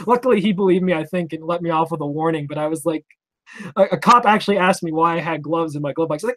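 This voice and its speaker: A young man from Vermont talking fast as he tells his stories, his voice sitting a touch high. He rambles and slips into the voices of the officers he quotes. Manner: rambling, animated, acts out quoted cops. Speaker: interview guest. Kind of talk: casual storytelling.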